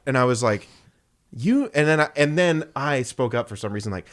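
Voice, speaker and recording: A man's voice: mid-range voice, brisk. A young man, casually telling stories on a podcast and acting out the voices of the people in them. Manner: animated, acts out voices in his anecdotes. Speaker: podcast co-host. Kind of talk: casual storytelling chat.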